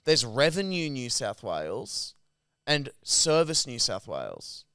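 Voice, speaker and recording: An Australian man on a podcast tells profane stories with a bright, swinging voice. His tone is clean and smooth. The sound is close and dry. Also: mid-range voice, unhurried, no room sound. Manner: animated, profane storytelling. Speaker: podcast co-host. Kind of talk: casual chat.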